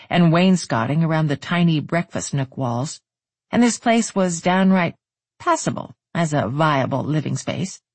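An audiobook narrator reading a novel in steady, even storytelling. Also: mid-range voice, husky, no echo.

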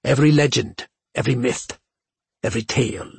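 A male narrator voicing a calm, precise insect-like alien in an audiobook, speaking in a measured, slightly husky voice. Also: mid-range voice, no echo. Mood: earnest.

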